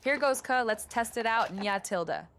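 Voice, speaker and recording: A woman's voice: a little high, expressive, measured pace, a bit bright, a little hiss or hum, voice pushed up. A woman voicing a perky, catlike female AI chatbot, reading its replies aloud in a sing-song way on a live stream. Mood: bubbly. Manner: sing-song, tacks a cute tag onto every sentence.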